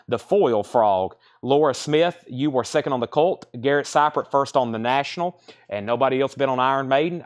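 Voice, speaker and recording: A man running a live online record sale in a relaxed, chatty voice. He talks at a middle pitch and keeps up a steady flow of bids, buyer names and prices, repeating each price as he goes. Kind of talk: live-stream sales patter.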